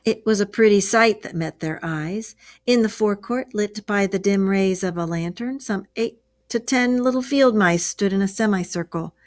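Woman teacher, expressive storybook read-aloud for a class. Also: medium pitch, moderate pace.

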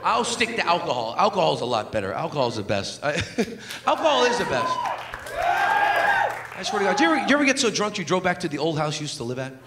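A man working a comedy club stage, his voice pitched high and swinging widely as he flips between impressions. The sound is roomy, with loud crowd laughter and heavy ambient noise behind him. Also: big pitch swings. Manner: rapid impressions, swooping voice shifts. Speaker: stand-up comedian. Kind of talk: stand-up comedy set.

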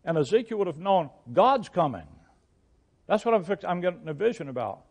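A man's voice: high voice, very animated, fairly quick, a little mellow. An older man, a pastor, teaching through a Bible passage, often restarting and repeating words, and reading verses aloud in old-fashioned wording.

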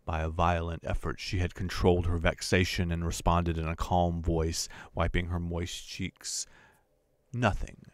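A man with a very low voice reads a classic story aloud, measured and deliberate. The recording is dry and close, with no room sound. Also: completely flat delivery, no room sound. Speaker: audiobook narrator. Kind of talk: scripted literary narration.

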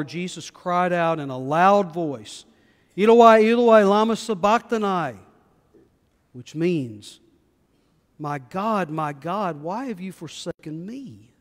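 A man leading a prayer and reading scripture aloud in church, measured and solemn with rising emphasis. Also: on the high side. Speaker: pastor. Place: church sanctuary. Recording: long reverb of a church hall.

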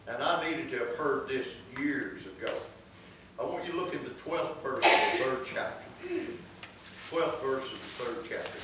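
A man preaching a sermon, swinging between loud exclamations and soft, drawn-out storytelling. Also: mid-range voice, a little hiss or hum. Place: church sanctuary. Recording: echoey church room from far off.

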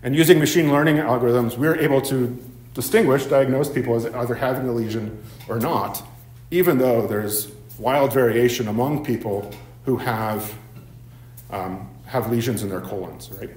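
A man's voice: mid-range voice, moderate pace, darkish tone. A male professor giving a seminar lecture, with many ums and repeated "right?" checks. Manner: frequent ums and tag questions of "right?". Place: university seminar room. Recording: echoey lecture room.

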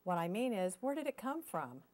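A woman's voice: mid-range voice, very animated, moderate pace, a little mellow, natural voice. A woman voicing a fussy, bossy male duck in a storybook, scolding and huffy. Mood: indignant.

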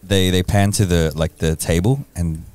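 Animated man telling stories in a lowish voice. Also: normal speed. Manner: animated storyteller, acts out scenes in high voices. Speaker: podcast co-host. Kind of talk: casual chat.

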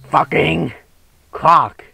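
A man commentating gameplay with a friend, crude and trash-talking, swearing and yelling often. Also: fairly high pitch, very slow, gravelly, slightly rough, no room sound, soft background music. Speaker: gamer co-host.

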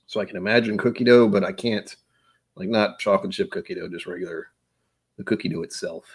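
A man's voice: fairly low pitch, fairly quick, breathy edge. A young man hosting a casual live-stream whiskey tasting, rambling playfully and breaking into silly noises and humming.

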